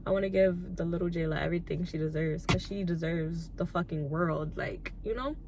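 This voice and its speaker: A young woman in her twenties telling her life story in an emotional vlog, soft-spoken and on the edge of tears, with many "like"s. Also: lowish voice, flat delivery, brisk, a little hiss or hum. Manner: soft-spoken, filler-heavy, tearful at times. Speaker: YouTuber and lash tech.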